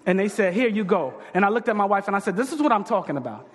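A man's voice: sits high, very fast. A pastor telling a story in his sermon, acting out the voices of the people in it. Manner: animated, acts out quoted voices. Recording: long hall reverb.

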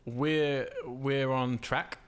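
A man's voice: medium pitch, fairly even intonation, extremely slow, clear, resonant tone. A man hosting a casual podcast about horror games and films, rambling with lots of filler words. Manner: rambling, lots of ums and uhs. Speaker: podcast host.

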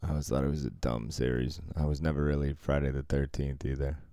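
A man with a subtle Boston accent co-hosting a casual chat show, crude and joking and quick to laugh. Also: extremely low pitch, flat delivery, mellow, no echo, studio quality. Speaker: podcast co-host. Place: Las Vegas.

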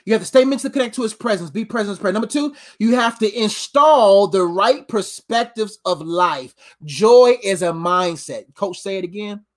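A preacher giving a loose, casual sermon, talking in animated street slang and breaking into laughter often. The voice sounds tired after a long week but keeps pushing the energy up and down. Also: medium pitch, moderate pace, few pauses. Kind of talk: informal sermon.

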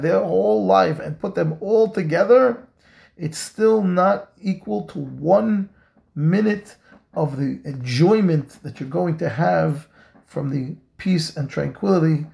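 A rabbi teaches a Torah lesson in a heavily gravelly voice that sits a little high for a man. His tone is mellow and dark. He speaks earnestly, drives points home by repeating phrases, and mixes Hebrew terms into his English.

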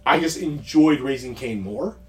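A man co-hosting a podcast, chatting casually about movies, rambling with quick asides and frequent laughs. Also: medium pitch. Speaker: podcast co-host.

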